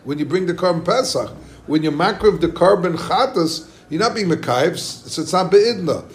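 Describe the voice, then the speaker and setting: A man giving an excited Talmud lecture to students, restarting often and asking listeners questions. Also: high-pitched, moderate pace. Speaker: Talmud teacher.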